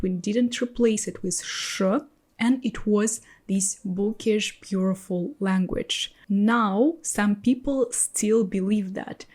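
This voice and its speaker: A woman with Russian as her first language, explaining pronunciation rules patiently and slowly, repeating example words. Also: mid-range voice, mellow, breathy edge.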